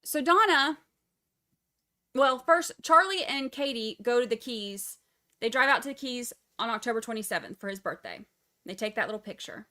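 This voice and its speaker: A woman giving casual, animated true crime commentary on a livestream, sarcastic and full of mocking asides. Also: fairly high pitch, moderate pace.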